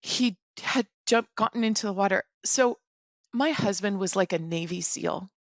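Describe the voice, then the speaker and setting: A middle-aged woman telling a personal story as a podcast guest, in an earnest, halting, reflective way. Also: mid-range voice, dry recording, studio quality.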